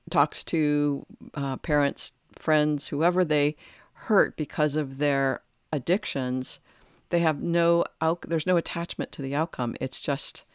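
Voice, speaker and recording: A podcast host speaking in a reflective spiritual talk, the voice smooth and resonant. The delivery is thoughtful and halting, with phrases often restarted mid-thought. The sound is dry and close, with no room around it. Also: medium pitch, no echo.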